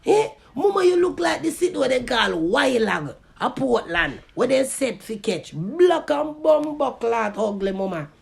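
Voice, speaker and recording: A man with a Jamaican accent in a loud, profane rant to camera, often shouting. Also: extremely high pitch, very animated, a little slow, creaky, hardly any pauses, breathy edge. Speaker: vlogger. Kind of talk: angry cussing rant to camera.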